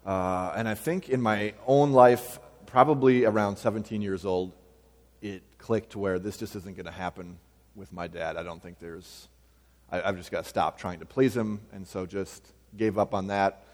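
Pastor, male, 30s, low voice, relaxed storytelling sermon in a reverberant hall. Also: normal speed. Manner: conversational, personal storytelling with frequent fillers.

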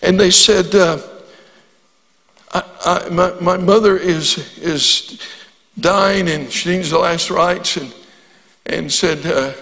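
A man's voice: high voice, steady tone, takes it slowly, long pauses, fairly bright tone. An older man preaching as a guest speaker, telling stories and rising into fervent prayer. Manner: storytelling, rises to fervent prayer. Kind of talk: sermon. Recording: long reverb of a large hall.

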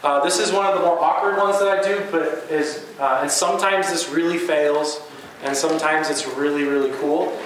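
A man's voice: on the high side, steady tone, normal speed, fairly bright tone, a little hiss or hum. A man who teaches and coaches basketball, giving an earnest, conversational talk to fellow educators with plenty of fillers and restarts. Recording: very echoey room with faint ambience.

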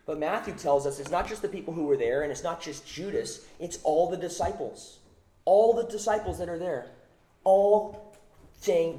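Male pastor, mellow voice slightly high, emphatic sermon delivery, roomy echo. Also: moderate pace, slight background noise. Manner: emphatic, repeats phrases for stress.

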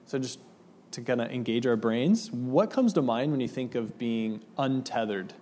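Relaxed man preaching in a reverberant hall. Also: medium pitch, moderate pace, a little hiss or hum. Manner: relaxed, chatty, laughs easily with the congregation. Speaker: pastor. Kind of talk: casual sermon with scripture reading. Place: church hall with audience.

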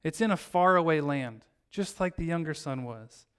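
At a normal speed and with a clean tone on the high side, a man preaches as pastor. He narrates a story and lively voices the characters' lines himself.

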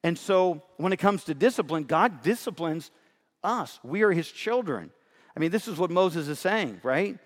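Earnest pastor with hall reverb. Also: male voice, on the high side, expressive, normal speed. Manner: earnest, emphatic, often checks in with "right?". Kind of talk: sermon.

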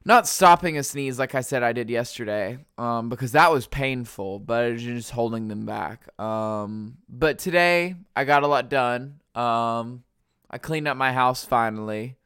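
A man's voice: medium pitch, unhurried, fairly bright tone, smooth, no echo, clean studio sound. A man with a stuffy nose hosting his podcast alone, rambling in casual chat full of fillers. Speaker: podcast host.

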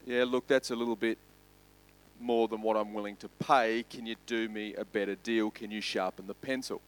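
Man voicing a low-voiced haggling stockbroker. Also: flat delivery, moderate pace, lightly acted, low-quality recording. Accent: Australian. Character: wealthy stingy male stockbroker, haggling.

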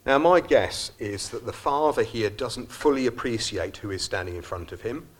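A man's voice: mid-range voice, lively intonation, normal speed. A man preaching a sermon at a church service, earnest and reflective, sometimes restarting his phrases.

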